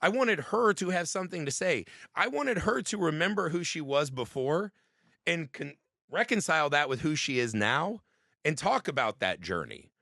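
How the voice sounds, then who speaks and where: A man in his thirties with a fairly high, gravelly voice speaks at a moderate pace in clean studio audio with no echo. Co-hosting a podcast, he argues animatedly and emphatically about a film in casual chat, often tacking "right?" onto his lines.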